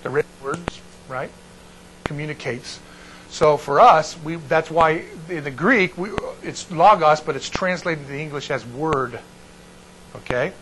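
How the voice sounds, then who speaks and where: Chatty Bible class teacher, fairly high voice. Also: male voice, a little slow, fairly bright tone, slight background noise, low-quality recording. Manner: digressive, restarts often, checks in with the class.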